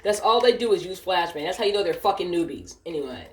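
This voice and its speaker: A woman's voice: lowish voice, big pitch swings, quick pace, echoey room. A woman telling a work story while gaming, cursing and ranting, often sidetracked. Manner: profane, ranting, easily distracted.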